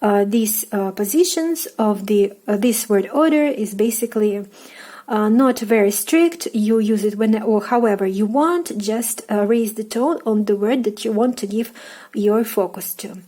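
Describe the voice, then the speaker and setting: A young woman with a Russian accent, a native Russian speaker, giving a casual online language lesson in a halting way with many fillers and restarts. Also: medium pitch, warm tone. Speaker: language teacher.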